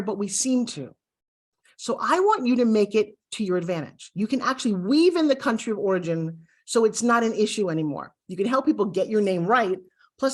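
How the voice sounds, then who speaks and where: A woman from the United States teaching an online lesson straight to the viewer, lively and coaching, often acting out little exchanges. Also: mid-range voice. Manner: animated, acts out little quoted exchanges. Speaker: course instructor. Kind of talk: direct-to-camera online lesson.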